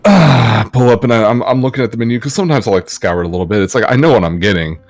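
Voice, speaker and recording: A man's voice: mid-range voice, expressive, very fast, dry recording, soft background music. A man co-hosting a podcast, telling a story in a rambling, hesitant, mock-dramatic way. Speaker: podcast co-host. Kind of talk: casual comedic storytelling.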